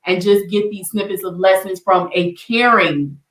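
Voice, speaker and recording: A woman hosting an online community show, speaking in a measured, emphatic way and addressing viewers directly. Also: medium pitch, fairly even intonation, fairly bright tone, slight background noise. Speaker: show host. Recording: echoey room, far from mic.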